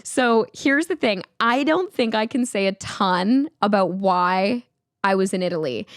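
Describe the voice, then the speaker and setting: A young woman hosting a podcast, telling a travel mishap in a casual, animated way with many filler words. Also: mid-range voice, smooth, no echo, clean studio sound. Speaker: podcast host. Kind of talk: casual storytelling.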